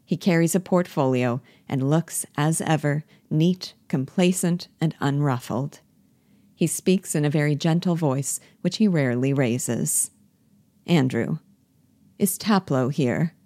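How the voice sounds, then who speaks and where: Low-voiced woman reading a play aloud. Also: measured pace, warm tone, no echo. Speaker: reader. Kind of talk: reading stage directions aloud.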